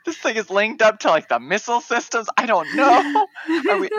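A podcast host with a bright, forceful tone and a lively, swooping delivery, speaking with dramatic exclamations. The sound is dry and close, with no room around it. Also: medium pitch, normal speed, slightly rough, no echo, rough recording. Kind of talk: casual chat.

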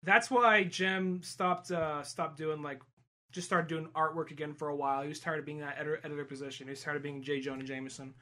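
A man's voice: a little high, steady tone, a little fast, pushed and bright. A man co-hosting a podcast, talking in a laid-back, casual way, swearing and trailing off mid-sentence. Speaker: podcast co-host. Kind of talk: casual chat.

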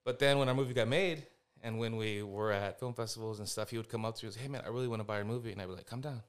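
Fast-talking animated male storyteller. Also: fairly low pitch, smooth. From San Antonio, Texas. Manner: animated storyteller, acts out quotes. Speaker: film director guest. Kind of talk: casual podcast chat.

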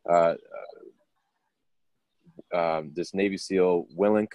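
Deep voice guy cohosting a podcast, thoughtful, stumbles and restarts, dry sound. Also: fairly even intonation, slow, a little mellow, no echo, highs cut off. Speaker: podcast co-host. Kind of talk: casual podcast discussion.

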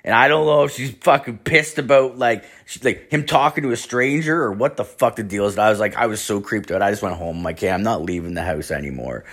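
A young man casually telling a long story, rambling and swearing, full of "like", and jumping into high voices for the people he quotes. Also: brisk, hardly any pauses, fairly bright tone. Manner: rambling, swears a lot, fills with "like".

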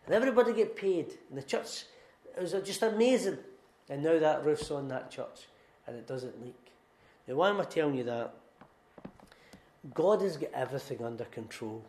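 A man's voice: medium pitch, animated, normal speed, pauses often, a little mellow. A middle-aged man with a Scottish accent, preaching a sermon in an earnest, emphatic storytelling way and repeating key phrases. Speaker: pastor. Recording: echoey room.

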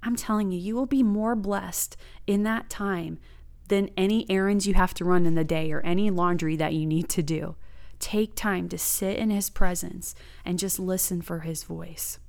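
A woman's voice: medium pitch, measured pace, gravelly, a little mellow. A woman sharing a personal faith testimony and practical teaching in an earnest, emphatic way. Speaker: Christian speaker.

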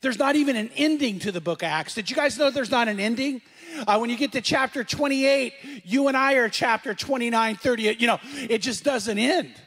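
A middle-aged man delivers a sermon in a conversational way, asking the congregation questions and repeating phrases for emphasis. His voice sits high for a man. The sound carries a long reverb, like a large church. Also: a little fast, fairly bright tone. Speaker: pastor.

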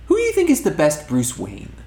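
A man's voice: on the high side, huge pitch swings, a little fast, darkish tone, reverberant, a little hiss or hum. A man co-hosting a casual movie podcast, joking and laughing often. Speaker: podcast co-host. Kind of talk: casual movie review chat.

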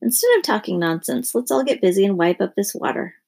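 A practical storybook mother who cuts through nonsense briskly, as a woman reader puts her on. Her voice is gravelly with a breathy edge. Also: medium pitch, lively intonation, a little mellow.

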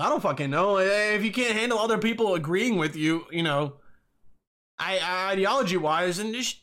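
A young man with a notably high voice hosts his own podcast, rambling and cursing as he rants. He swings from loud outbursts to calmer stretches, circling back over his points. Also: a little fast. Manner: profane, rambling, yelling in bursts. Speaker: podcast host. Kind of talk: solo podcast rant.

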